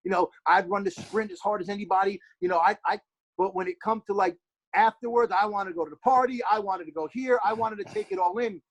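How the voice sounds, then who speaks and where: A man in his forties from New Jersey, with the accent to match, talks quickly in a fairly high voice. He guest-hosts a casual podcast, telling brash, rambling stories. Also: rough recording. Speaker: guest host.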